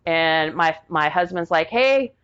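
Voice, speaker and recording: Woman, 40s, veteran guest; low, rambling, casual storyteller; lo-fi recording. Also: steady tone, normal speed. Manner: rambling, heavy use of "like", acts out quoted people.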